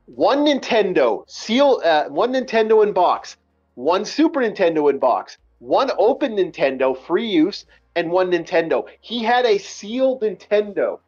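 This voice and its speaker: An animated, profane man tells a casual story in a high voice and acts out each exchange. The recording is dull and lo-fi, with faint music underneath. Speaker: podcast host telling a story.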